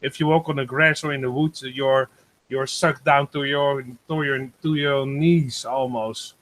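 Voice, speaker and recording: A man on a group video call, talking about the weather at his home, hesitant and full of pauses. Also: medium pitch, fairly even intonation, a bit bright. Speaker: guest giving a weather report. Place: home in Germany.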